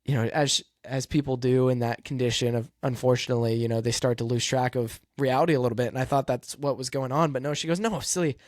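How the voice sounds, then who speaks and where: Guy with a mid-range voice hosting his podcast, halting, lots of ums, earnest, dry close sound. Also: medium pitch, steady tone, no echo. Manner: halting, soft-spoken, many pauses and fillers; emotional, earnest. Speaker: podcast host and race car driver. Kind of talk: reflective personal storytelling.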